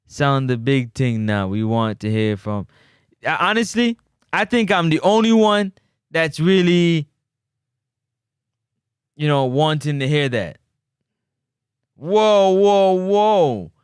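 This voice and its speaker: This sports talk show host has a slightly high, clear and resonant voice, moving at a measured pace with long pauses. He's animated, trading banter with viewers on his casual livestream, captured dry at studio quality.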